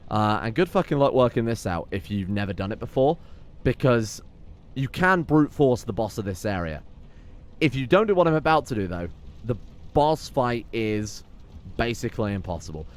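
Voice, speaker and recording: A man's voice: fairly low pitch, slight background noise. A man giving sweary, sarcastic let's play commentary while playing a game. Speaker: gameplay commentator.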